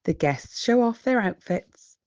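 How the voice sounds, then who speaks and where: Slow, expressive British storyteller woman. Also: mid-range voice, dull audio. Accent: British English. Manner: slow, expressive, clear for children. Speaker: children's book reader. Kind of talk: storybook read-aloud.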